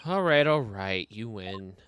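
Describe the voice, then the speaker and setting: A man's voice: lowish voice, expressive, measured pace, fairly bright tone, a little hiss or hum, pitched below the performer's own voice. A man voicing a young male lawyer in a video game in a dry, matter-of-fact way.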